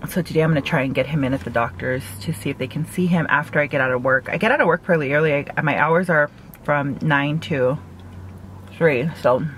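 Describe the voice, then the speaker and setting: Chatty woman vlogger, low-ish voice, phone-recorded in a parked car, faint background noise. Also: fairly quick. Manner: chatty, laughs at own jokes, full of "like". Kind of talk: casual mukbang chat.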